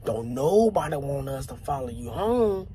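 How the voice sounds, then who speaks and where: A man voicing a streetwise male cockroach who talks in a gruff, profane, bargaining way. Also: mid-range voice, sing-song, moderate pace, dark tone, slight background noise, voice pushed down, natural voice. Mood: bossy. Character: streetwise talking male cockroach, bossy and blunt.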